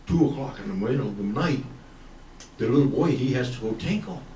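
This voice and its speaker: On stage, a man spins comic country yarns in a folksy, slangy style, chuckling as he talks. His medium-pitched voice is animated, brisk and warm. The mic sits at a distance, giving a roomy sound with slight background noise.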